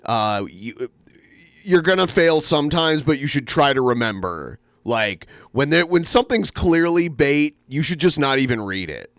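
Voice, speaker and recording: A man's voice: fairly high pitch, big pitch swings, normal speed, a bit bright, no room sound, clean studio sound. A man hosting a podcast, chatting casually and with amusement, using many fillers. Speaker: podcast host. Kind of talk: casual commentary chat.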